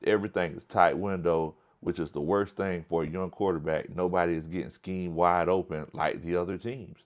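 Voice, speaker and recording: A man's voice: low voice, steady tone, moderate pace. A man hosting a casual livestream sports talk show, blunt and emphatic, often repeating his point.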